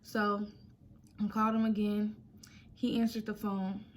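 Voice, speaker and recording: Young woman, casual storytime vlog, chatty, mid pitch, faint hiss behind. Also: unhurried. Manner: chatty, animated retelling with acted-out quotes. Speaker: vlogger.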